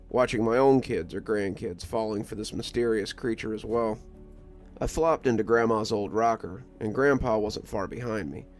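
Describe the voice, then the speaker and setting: A man reading a scripted first-person story in a calm, measured manner. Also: on the low side. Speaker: narrator. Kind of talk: scripted horror story narration. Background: soft music.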